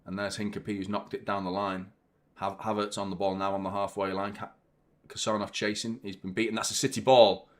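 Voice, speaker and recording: On the low side and a touch fast, a man hosts a live fan watchalong and commentates excitably, clearly picking a side. He shouts and swears when big moments hit.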